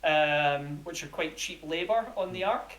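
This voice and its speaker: Brief: mid-pitched game master narrating a tabletop game, loose and rambling. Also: measured pace, fairly bright tone, reverberant, low-quality recording. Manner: rambling narration with fillers and laughs.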